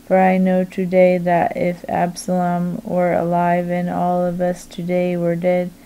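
A woman reading a stern male army commander's rebuke in her own even, slow reading voice. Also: fairly low pitch, smooth, low-quality recording. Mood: rebuking. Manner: flat, slow, unhurried reading.

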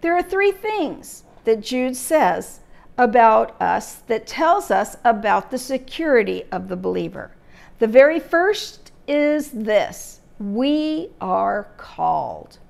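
Slow, gravelly-voiced woman teaching scripture. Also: on the high side, very animated, darkish tone. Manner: slow, emphatic teaching with rhetorical questions. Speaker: Bible teacher. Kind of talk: church Bible lesson.

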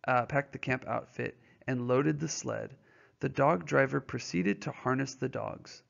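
A man's voice: medium pitch, unhurried, vocal fry, a bit bright. A male teacher reading a novel aloud and explaining it to students in a patient, informal way, often checking their understanding with questions. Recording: dull lo-fi recording.

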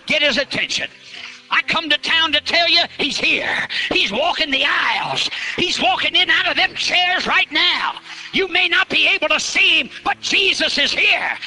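A male preacher giving a fiery revival sermon, telling a story and shouting out to the crowd. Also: very high-pitched, animated, moderate pace, soft background music, poor audio.

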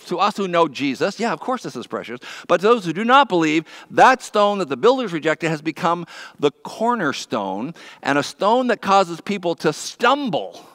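Man, pastor, conversational sermon, high-pitched, dry close sound. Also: no echo. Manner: conversational preaching, drops low and soft on key words. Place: church.

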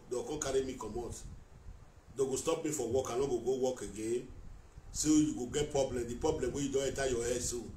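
A man's voice: on the high side, mellow, a little hiss or hum. A man with a Nigerian Pidgin accent in a heated live-stream rant, accusing and repeating himself while talking straight at someone. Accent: Nigerian Pidgin English. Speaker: vlogger addressing a rival on a live video. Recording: echoey room, mic at a distance.

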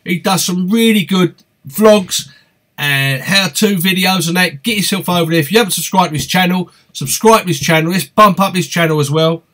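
Man, East London accent, high voice, chatty and upbeat, live stream host reading comments. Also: normal speed, bright, forceful tone. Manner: chatty and upbeat, greets viewers by name. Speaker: fishing channel host.

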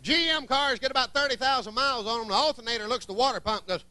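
A man's voice: very high-pitched, rapid-fire, sharp tone. A man with a Southern accent from Georgia doing a folksy, wisecracking stand-up set in a comedy club. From Columbus, Georgia, US.

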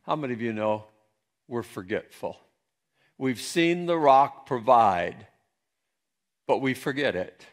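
A male pastor from central Pennsylvania preaching a sermon, with emphatic swings between soft and loud passages. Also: medium pitch, expressive, slow, pauses often.

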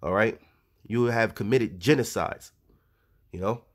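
A man's voice: on the low side, measured pace. A man giving informal scripture teaching in a conversational way, reading verses aloud and adding frequent asides. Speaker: religious teacher.

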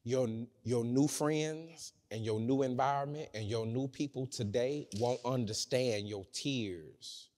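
A man preaching a sermon in a church, swinging between loud shouting and low, hushed talk. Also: measured pace, hardly any pauses. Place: church sanctuary. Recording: church hall reverb.

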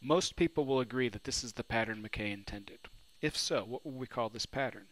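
Fairly quick and fairly bright, this mid-range male voice belongs to a literature teacher recording a poetry lesson in New Orleans. He quizzes his students, then answers the questions himself, on poor audio.

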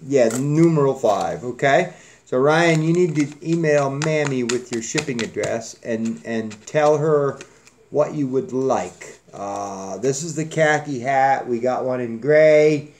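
A man's voice: medium pitch, unhurried, darkish tone. A man hosting a casual giveaway drawing on his channel, joking and rambling in a folksy way. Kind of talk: casual chat.

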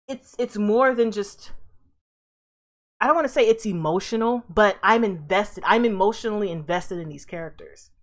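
A young adult woman giving casual reaction commentary as a host, excitable and profane with frequent exclamations. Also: medium pitch.

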